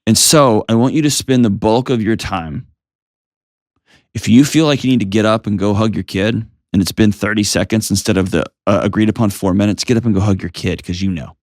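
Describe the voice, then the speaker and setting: A middle-aged American man hosting an advice call-in show, talking in a calm, earnest coaching way full of rhetorical questions. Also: on the low side, brisk, dry recording, clean studio sound. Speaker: host giving advice.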